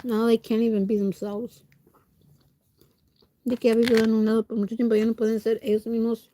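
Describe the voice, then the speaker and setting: A woman's voice: fairly high pitch, flat delivery, quick pace, mellow, slight background noise. A woman livestreamer with a stuffy nose, chatting casually with viewers while she eats and answering their comments. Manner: chats while eating, talking with food in her mouth.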